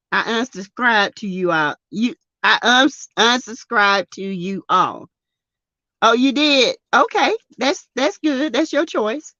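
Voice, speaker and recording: A woman with a Southern US accent hosting a casual live stream, greeting chatters by name and laughing loudly and often. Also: fairly high pitch, no echo, lo-fi sound. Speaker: YouTube live-stream host. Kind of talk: casual live-stream chat reading comments.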